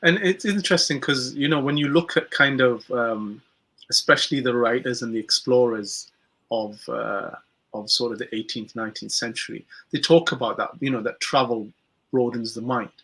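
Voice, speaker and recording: A podcast co-host talks in a bright, tense, husky voice at a mid pitch. He reflects on his thoughts slowly and uses plenty of hesitant fillers. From United Kingdom. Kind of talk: podcast discussion.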